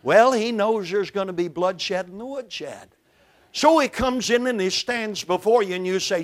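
An older man from Brooklyn, New York, preaching a sermon from a church pulpit with emphatic, dramatic swings between loud and soft. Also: high voice, animated, measured pace.

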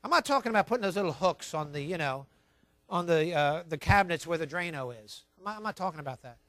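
Man preaching, high voice, dry close sound, emphatic, repeats points, dictates notes to the congregation. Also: expressive, fast, no room sound. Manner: emphatic, repeats key points, tells listeners to write things down; swings between quiet asides and loud stressed words. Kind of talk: sermon on child training.

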